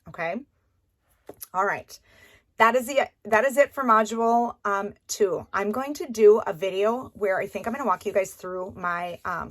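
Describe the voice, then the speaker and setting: Woman course coach, conversational and encouraging, keeps checking in with listeners. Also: medium pitch. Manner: conversational, often checking in with "okay?"; encouraging and repetitive. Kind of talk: recorded course lesson.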